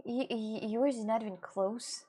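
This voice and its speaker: A woman's voice: a little high, fairly even intonation, a little slow, mellow, husky. Chatty young woman streamer. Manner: chatty, rambling with many fillers and repeats. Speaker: streamer reading chat. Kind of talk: casual live-stream chat.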